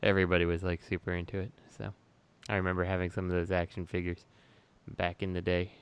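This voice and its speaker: Low gravelly guy, super smooth voice, easygoing podcast chat. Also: completely flat delivery, quick pace. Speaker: podcast co-host. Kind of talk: casual chat.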